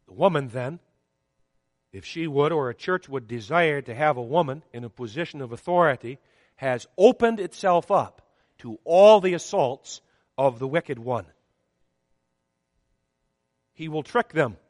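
A man preaching a sermon in a church, with measured, emphatic delivery that swings up and down on key words. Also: a little high, expressive, darkish tone, clean studio sound. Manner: emphatic, measured preaching with rising and falling stresses. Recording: long hall reverb.

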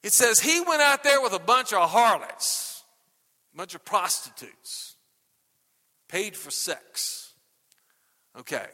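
A male pastor preaching a sermon to his congregation, animated and tagging "okay?" onto nearly every point. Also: high-pitched, long reverb tail. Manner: animated, repeats "okay?" constantly. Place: church sanctuary. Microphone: microphone.

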